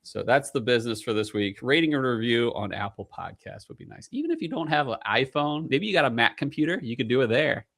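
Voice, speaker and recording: Lively, bright-voiced male podcast host. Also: mid-range voice, quick pace, few pauses. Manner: joking, rambling, lots of fillers. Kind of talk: casual podcast chat.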